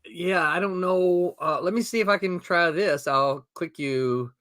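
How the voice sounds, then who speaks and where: A middle-aged man hosts a casual live comics stream, laughing often as he reads viewer comments aloud into a desktop mic on a video call. His voice sits high, with a fairly bright tone and a slightly slow pace.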